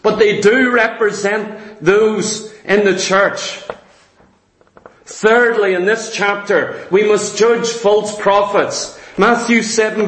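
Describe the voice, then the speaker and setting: A man's voice: high voice, fairly bright tone, reverberant, low-quality recording. A man preaching a sermon, emphatic, asking and answering his own rhetorical questions.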